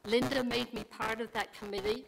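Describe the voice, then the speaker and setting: A woman's voice: fairly high pitch, fairly even intonation, moderate pace, vocal fry. A woman recovering from a lost voice tells stories with quoted dialogue as she speaks informally to her temple congregation on a livestream. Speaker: congregant sharing a milestone. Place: temple sanctuary. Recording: noisy livestream recording.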